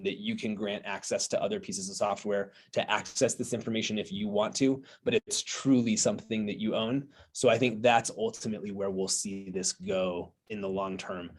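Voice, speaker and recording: Man with a lowish voice, steady and explanatory, interview guest. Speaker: guest, software co-owner.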